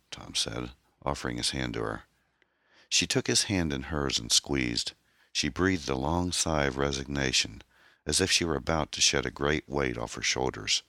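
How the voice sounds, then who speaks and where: A man reading a novel aloud as narrator, in an expressive, measured storytelling style. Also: rumbling low, gravelly, dry recording, studio quality. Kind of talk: audiobook narration.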